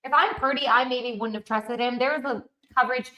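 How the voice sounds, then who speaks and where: Loud-mouthed football fan lady from canada, swears a lot, fairly high voice. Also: a little fast, low-quality recording. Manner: brash, profane and emphatic, laughs often. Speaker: football fan show host. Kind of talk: casual sports opinion vlog.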